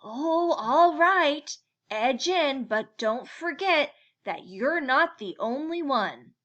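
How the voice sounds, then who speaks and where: A woman voicing a group of small, timid woodland animals answering in a slow sing-song in a storybook reading. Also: high-pitched, lively intonation, fairly bright tone, highs cut off, pitched above the performer's own voice, exaggerated voice. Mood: fretful.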